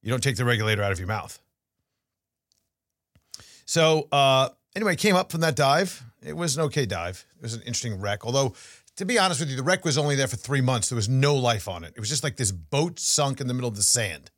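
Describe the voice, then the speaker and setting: A middle-aged man co-hosts a podcast and tells stories in an animated, casual way, often restarting his sentences. His pitch swings widely, and the close sound is dry. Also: a little fast, dry recording. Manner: animated storytelling with frequent restarts. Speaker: podcast co-host. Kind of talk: casual chat.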